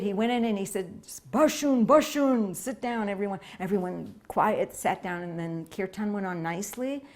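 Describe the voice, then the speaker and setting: A woman's voice: on the low side, a little mellow. A woman, a devotee, sharing a personal memory in an interview, telling it in an earnest, reflective way.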